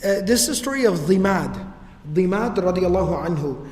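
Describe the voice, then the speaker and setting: A man gives a casual, slangy religious history lecture. His voice is fairly high. It carries through a large hall with a long, roomy reverb. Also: animated, fairly quick, a little mellow. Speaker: religious teacher.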